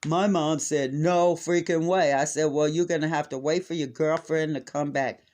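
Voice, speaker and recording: Brief: middle-aged American man, somewhat high voice, casual exasperated storyteller who acts out quotes. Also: moderate pace. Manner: exasperated, animated retelling with acted-out quotes.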